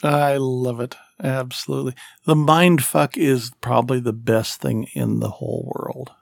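A man's voice: mid-range voice, steady tone, unhurried, creaky, dry recording, clean studio sound. A man hosting a podcast interview, enthusiastic and teasing. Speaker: podcast host. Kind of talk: casual interview chat.

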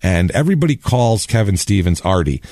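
Deep-voiced rambling male podcast host. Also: expressive, brisk, a little mellow, no room sound. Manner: rambling, jokey, lots of filler and restarts. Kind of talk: casual storytelling chat.

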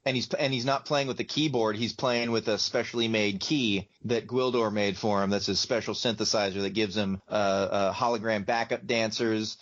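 A man's voice: fairly low pitch, steady tone, moderate pace, few pauses, a bit bright. Podcast cohost guy telling a made-up fight scene, lots of uh's, slightly muffled lo-fi audio. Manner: storytelling, hesitant fillers, acts out voices. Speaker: podcast co-host. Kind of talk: casual chat. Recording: slightly dull lo-fi sound.

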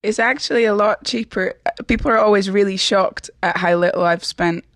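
A woman's voice: mid-range voice, moderate pace, a bit bright, no room sound. Woman, Scottish accent, pop singer guest, candid, chatty, dry close sound. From Scotland, Edinburgh. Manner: candid, chatty, laughs easily. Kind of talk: casual interview chat.

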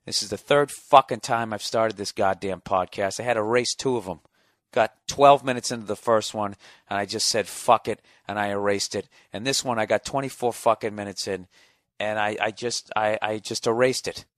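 A man's voice: fairly low pitch, fairly even intonation, moderate pace, fairly bright tone. A man hosting a podcast, talking in a casual comedic rant full of profanity and exasperation. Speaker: podcast host.

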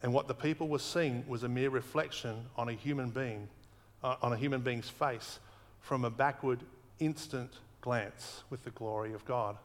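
A man's voice: mid-range voice, fairly even intonation. Guy preaching a sermon, earnest, leans on repeated words, big reverb behind him. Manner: earnest, emphatic repetition, slows for weight.

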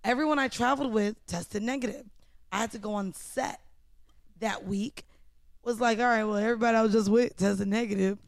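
A woman's voice: fairly high pitch, steady tone, brisk, no echo, clean studio sound. A woman hosting a podcast in casual chat, brash and profane with a playful edge. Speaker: podcast host.

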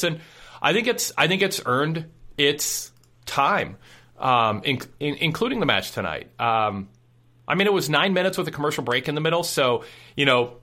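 A man's voice: a little high, pushed and bright. A man hosting a casual wrestling podcast, speaking in a reflective way and handing turns to the panel. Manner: reflective, passing turns to others. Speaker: podcast host.

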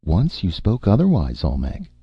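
A man's voice: low voice, huge pitch swings, moderate pace, slightly rough, no echo, muffled recording, voice pushed up, exaggerated voice. A man voicing a cruel, seductive sorceress princess who purrs and taunts in a crooning voice. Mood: taunting.

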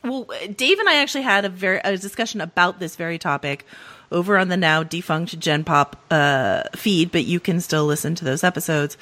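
Low-voiced woman podcast host, dry sound. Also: a bit bright, no echo. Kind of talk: casual chat.

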